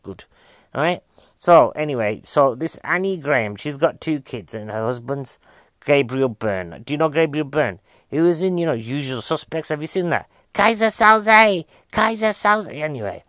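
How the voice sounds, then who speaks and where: Rambling comedian, dry sound. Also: male voice, medium pitch, a bit bright, dry recording. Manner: chatty, asks the audience questions, goes off on tangents. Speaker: stand-up comedian reviewing a film. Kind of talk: rambling comic monologue.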